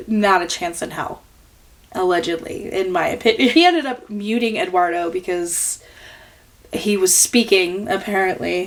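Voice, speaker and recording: A woman hosting a reaction commentary video, exasperated, sarcastic and full of profanity. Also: medium pitch.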